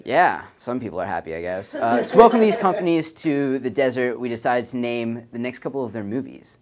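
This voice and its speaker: A young man hosts a student late-night comedy show, reeling off jokes in a dry, deadpan way and chuckling at his own lines. His pitch sits in an ordinary middle range, and a faint hiss runs under the recording. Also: fairly quick. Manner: deadpan joke delivery with little laughs. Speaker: host. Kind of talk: joking late-night host monologue.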